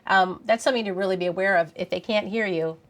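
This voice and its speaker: Woman, panel moderator, teacher, steady mid pitch, asks questions. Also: fast talker. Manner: guides the talk with questions. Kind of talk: panel discussion.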